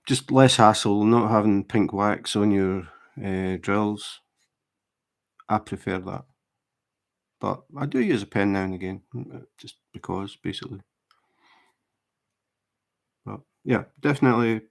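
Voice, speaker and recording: A man with a fairly low, gravelly voice chats casually as he works on a craft. He explains tips in a relaxed way, often restarting sentences and filling pauses. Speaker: diamond painting livestreamer. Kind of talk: casual chat while crafting.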